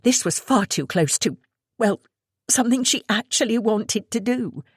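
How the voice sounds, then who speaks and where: A woman reading a thriller audiobook aloud in a steady storytelling way. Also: a little high, unhurried, breathy edge, no room sound, studio quality. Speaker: audiobook narrator. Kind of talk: scripted narration.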